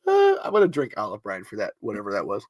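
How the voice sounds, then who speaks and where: Host, male, lively up-and-down delivery, sweary and playful film chat, dry close sound. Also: on the low side, quick pace, dry recording, highs cut off. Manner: swears freely and laughs at his own jokes; rambling and playful. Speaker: video essay host. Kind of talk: casual film commentary.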